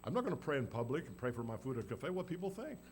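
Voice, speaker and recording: A man's voice: mid-range voice, big pitch swings, racing, poor audio. A man preaching a sermon in a folksy, storytelling way, acting out the people in the story. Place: church. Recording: faint background noise and hum.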